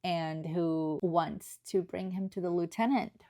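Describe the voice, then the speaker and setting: A woman's voice: on the low side, fairly even intonation, measured pace, mellow. A woman giving an earnest, emotional book review in a casual, chatty way, often checking in with tag questions.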